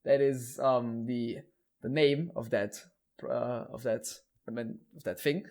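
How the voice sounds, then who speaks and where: A man hosts a podcast, explaining lore at length in casual conversation, often restarting his sentences, speaking bluntly and laughing now and then. His voice is medium-pitched, steady and somewhat dark, and he talks slowly.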